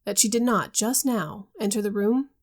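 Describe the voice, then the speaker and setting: A woman reading the part of a grave young husband troubled by a mysterious voice, in a measured, earnest way and in her own voice. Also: medium pitch, close to an everyday voice.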